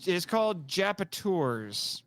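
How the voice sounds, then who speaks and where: High, lively-voiced man in casual podcast chat. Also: slow. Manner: chatty and meandering, laughs easily. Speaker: podcast co-host.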